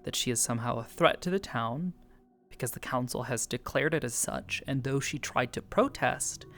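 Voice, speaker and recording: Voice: medium pitch, moderate pace, a bit bright. A role-play player casually recounting a session in a rambling, amused way, with many fillers and swear words.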